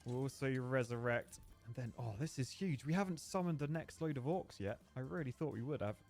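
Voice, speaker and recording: A young man gives running live commentary over his gameplay, chatty, jokey and quick to get excited. His voice sits at an ordinary middle pitch. Faint music plays behind him. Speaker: gaming streamer.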